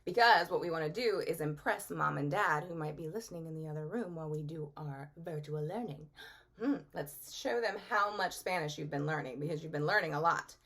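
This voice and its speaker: A woman teaching a virtual Spanish review to young children in a sing-song, animated teacher voice. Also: sits low, brisk.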